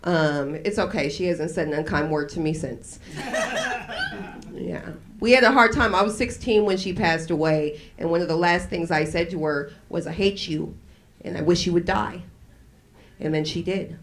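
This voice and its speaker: A woman in her forties performing a live stand-up set on a small cafe stage, brash and profane, deadpan when the jokes turn dark. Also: lowish voice, normal speed. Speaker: stand-up comedian.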